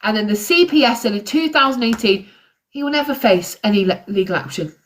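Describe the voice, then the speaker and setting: A woman's voice: fairly high pitch, animated, brisk. A woman hosting a true crime livestream, talking in an angry, ranting way. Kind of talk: live-stream commentary.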